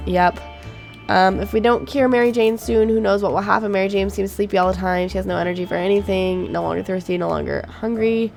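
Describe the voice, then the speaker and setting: Gravelly, swearing gaming woman. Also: mid-range voice. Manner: chatty and reactive, swears freely, laughs often. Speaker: gaming YouTuber. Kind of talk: casual game commentary, reading game text aloud. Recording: faint game music behind.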